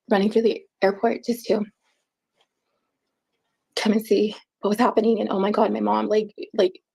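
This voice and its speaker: A woman giving an emotional personal account in an interview, halting and repeating words as she speaks. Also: mid-range voice, gravelly, a little mellow, slightly rough, low-quality recording.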